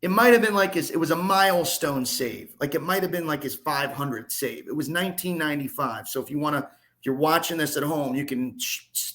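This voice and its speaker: Man in his forties, guest storyteller, animated, self-deprecating, slightly high voice. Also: a little fast. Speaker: podcast guest, sports reporter. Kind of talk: casual storytelling.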